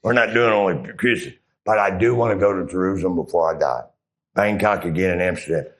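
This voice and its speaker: Middle-aged ex-Marine guest, very low voice, rambling crude storyteller. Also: male voice, a little fast. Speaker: interview guest, former Marine. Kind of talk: casual storytelling.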